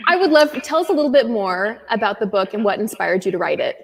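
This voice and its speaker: A woman's voice: mid-range voice, big pitch swings, quick pace, vocal fry. A woman hosting a casual livestream interview, enthusiastic and gushing. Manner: enthusiastic and gushing, with Southern "y'all". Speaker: host. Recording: long echo from a remote call.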